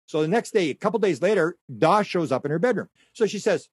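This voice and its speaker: A middle-aged man's slightly high voice spills out story after story, rambling and restarting as he goes. He acts out the people he quotes along the way. The sound is close and dry, with no room around it. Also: expressive, quick pace, slightly rough, dry recording. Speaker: guest. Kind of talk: conversational storytelling.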